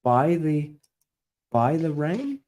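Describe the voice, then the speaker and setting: Drawing out his words with big pitch swings, this scripture study presenter has a fairly high, darkish voice. He ponders a translation aloud, hesitant and self-correcting as he weighs each word.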